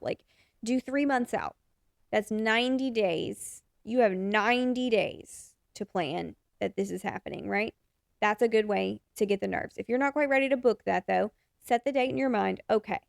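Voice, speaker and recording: A woman's voice: mid-range voice, gravelly, dry recording, clean studio sound. A young adult woman hosting a podcast, giving frank, encouraging advice in a casual way and swearing now and then. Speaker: podcast host and photographer.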